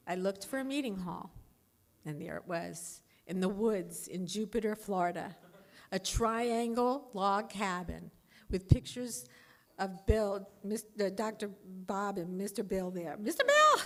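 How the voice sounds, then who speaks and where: A woman in her fifties giving a candid, animated personal talk as a speaker at a recovery meeting. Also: mid-range voice. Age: 50s.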